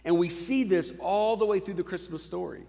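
A man's voice: high voice, normal speed, gravelly. Man preaching in an echoing hall. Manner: conversational, animated with asides. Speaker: pastor. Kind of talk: sermon.

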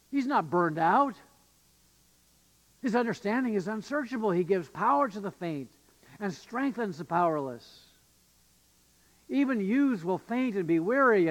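Man preaching in an echoing hall. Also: high-pitched. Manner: earnest, emphatic preaching with fillers and restarts. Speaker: pastor. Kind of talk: sermon. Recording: long reverb of a church hall.

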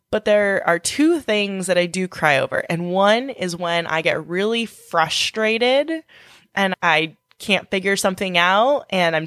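A woman's voice: mid-range voice, a bit bright, no echo, clean studio sound. A woman in her thirties co-hosting a faith podcast, talking in an earnest, heartfelt and encouraging way. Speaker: podcast co-host.

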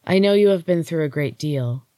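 A woman doing a grave, hushed golden goddess. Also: low-pitched, animated, normal speed, no echo. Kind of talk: audiobook-style story reading.

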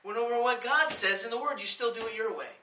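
A woman's voice: fairly high pitch, fast, bright, forceful tone, distant mic, slight background noise. A woman preaching a sermon with emphasis, asking the room questions and acting out quoted voices. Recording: echoey room, voice from off the mic.

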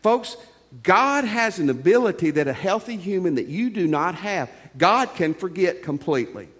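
A middle-aged man preaching from the pulpit, with a voice that sits a little high for a man. He talks earnestly and conversationally and mixes scripture with his own stories. His voice rings out with a long reverb in a church sanctuary. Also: animated, moderate pace, fairly bright tone. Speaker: pastor. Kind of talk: sermon.

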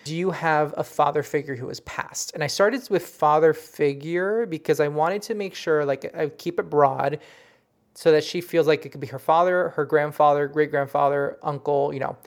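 A psychic medium tells the story of a reading in an earnest, personal way. The voice is soft and emotional, with frequent stumbles and restarted sentences, as if working through the memory aloud. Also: medium pitch. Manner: earnest, halting, with many restarts; softly emotional.

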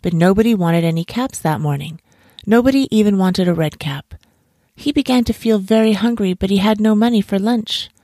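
A woman's voice: mid-range voice, no echo, clean studio sound. Soothing woman reading a bedtime story. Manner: gentle, soothing, slow storytelling.

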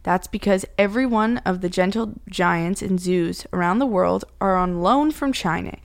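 A woman's voice: medium pitch, normal speed, vocal fry, dry recording, studio quality. A young adult woman, reading out fun facts in a playful, teasing chat. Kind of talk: casual family chat.

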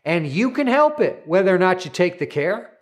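A man's voice: sits high, sing-song, normal speed. A male pastor preaching a sermon, urging listeners on with repeated "come on" and having them say lines back to him.

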